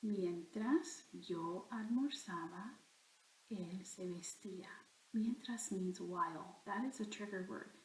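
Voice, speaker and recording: A woman's voice: mid-range voice, slow, a little mellow, a little hiss or hum. Patient woman teaching grammar, echoey room. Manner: patient, explains step by step. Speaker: Spanish teacher. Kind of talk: recorded grammar lesson.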